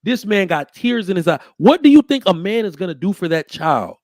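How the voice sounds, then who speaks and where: A man's voice: sits high, a little fast, dry recording, clean studio sound. A young man hosting a casual talk show, speaking in an emphatic, preachy way. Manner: emphatic, preachy, animated storytelling with acted quotes. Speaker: podcast host. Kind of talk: casual opinionated chat.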